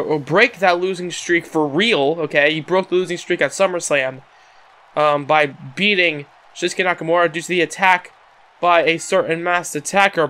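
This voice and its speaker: A man doing casual play-by-play commentary over a wrestling video game, excitable and often stumbling and repeating words. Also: sits high.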